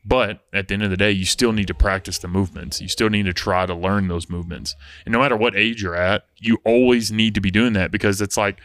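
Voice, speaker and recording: A man's voice: fairly low pitch, fast, hardly any pauses, dry recording. A young man, a gym coach, telling stories in a casual podcast chat with some swearing. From Oklahoma. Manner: animated storyteller, casual swearing.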